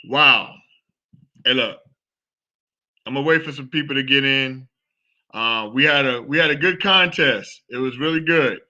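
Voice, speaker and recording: A man hosting a live sports talk show, chatting casually and excitedly, repeating himself as he rambles. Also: mid-range voice, moderate pace, pauses often, dull audio. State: out of breath. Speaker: show host.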